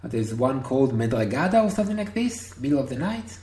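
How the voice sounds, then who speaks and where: A man teaching Hebrew one-on-one over a video call, patient and encouraging, repeating words slowly. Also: mid-range voice, very animated, mellow. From Israel. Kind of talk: one-on-one online language lesson. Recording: roomy video call audio.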